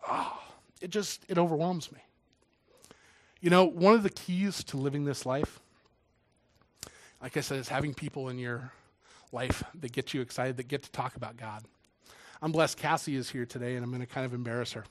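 A man preaching a sermon who reads scripture aloud and then drops to a hushed, emotional voice. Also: mid-range voice, normal speed, long pauses, no room sound. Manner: emotional, swings from loud reading to hushed intimate words. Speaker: preacher and church drummer.

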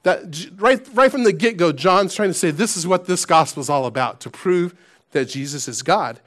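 Chatty man preaching a sermon, voice sitting high. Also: lively intonation, moderate pace, a bit bright. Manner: conversational, self-deprecating storyteller; asks the congregation questions. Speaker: pastor.

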